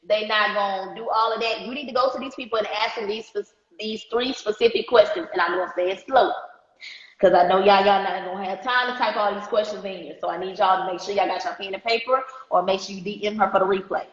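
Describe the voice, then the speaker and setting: A woman's voice: mid-range voice, fast talker. A woman coaching a business class on a live stream, emphatic, repeating her key points and checking in with the audience. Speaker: marketing coach. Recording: echoey dull-sounding live stream audio.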